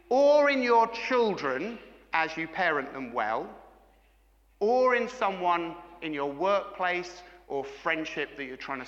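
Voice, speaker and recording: Engaging middle-aged preacher, lively delivery and a slightly raised voice. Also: male voice, a little high, in a large hall, lo-fi sound. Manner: engaging, asks the congregation frequent questions. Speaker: pastor. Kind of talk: sermon.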